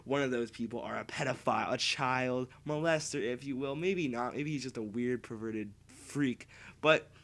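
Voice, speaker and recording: A man's voice: mid-range voice, moderate pace, creaky. Profane rambling young man. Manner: profane, rambling, swings between loud outbursts and muttering. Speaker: vlogger. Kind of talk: casual ranting monologue to camera.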